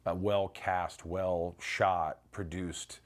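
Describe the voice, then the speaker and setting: Middle-aged actor guy reminiscing in an interview, kinda low voice, animated, swears a lot. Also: very slow. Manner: animated storyteller, swears freely, acts out lines.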